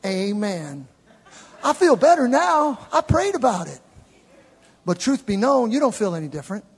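A man with a high, gravelly, husky voice preaches a sermon. He swings from shouted climaxes to low, chatty asides and plays with the congregation. The sound carries a long church-hall reverb. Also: very animated, moderate pace. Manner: conversational, playful with the congregation. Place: church sanctuary with live congregation.

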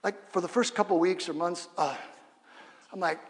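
A male pastor preaching a sermon in a church, energetic and humorous, leading the congregation in call-and-response. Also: high voice, normal speed. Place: church sanctuary. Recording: long reverb of a church hall.

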